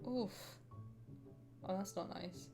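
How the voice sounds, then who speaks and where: A chatty British woman streaming a game reaction, rambling freely and chatting with her viewers. Her voice sits at an ordinary middle pitch, and she laughs often between tangents. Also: slow pace, over music. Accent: British English. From Britain. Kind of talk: casual reaction chat.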